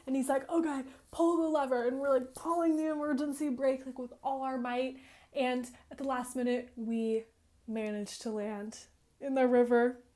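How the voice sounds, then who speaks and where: A young woman in her twenties tells a game's plot to her viewers in a fairly high, bubbly voice. She fills nearly every phrase with "like" and builds up the drama breathlessly, as if reliving each twist. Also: steady tone, normal speed, mellow. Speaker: gaming vlogger. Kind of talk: casual excited game retelling.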